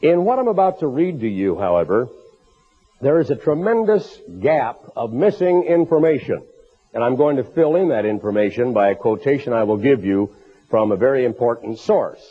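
A man with a hoarse, raspy voice from a bronchial illness, preaching earnestly in a recorded sermon for a tape program. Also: mid-range voice, lively intonation, moderate pace. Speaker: minister. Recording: tinny phone-like tape recording.

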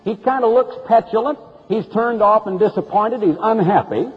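A man's voice: normal speed, slightly rough. A man preaching an emphatic, sarcastic broadcast sermon, recorded on a dull lo-fi tape with long reverb. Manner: emphatic, sarcastic preaching with sharp pitch swings.

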